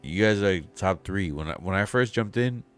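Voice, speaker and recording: A young man with a fairly low voice, co-hosting a casual collectors' livestream on a video call. He jokes around loudly and drops slang into almost every line, with faint music playing underneath. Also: lively intonation, normal speed. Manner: loud, joking, drops slang like bro and fool. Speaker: podcast co-host.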